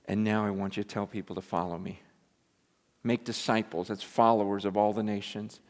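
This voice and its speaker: A man preaching a sermon in a lively, animated way, acting out quotes and building to loud, excited peaks. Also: on the low side, brisk. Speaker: pastor. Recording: long reverb of a large hall.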